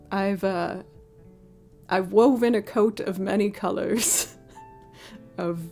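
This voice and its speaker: A woman in casual livestream chat, telling a story and slipping into the voices of the people in it with big leaps up in pitch. Her voice sits in a middle register, and faint music plays behind her. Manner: animated storyteller who acts out quotes with big pitch jumps. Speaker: streaming musician.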